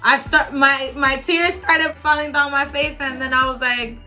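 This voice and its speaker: Woman, high pitch, bright voice, animated storytelling, laughs a lot. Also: moderate pace, faint music behind. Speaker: vlogger. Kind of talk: casual storytelling.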